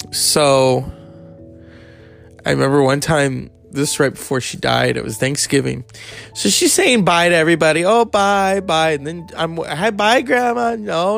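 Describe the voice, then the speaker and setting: A man with a medium-pitched, creaky voice tells a candid personal story, rambling casually. He swears freely and throws in animated asides.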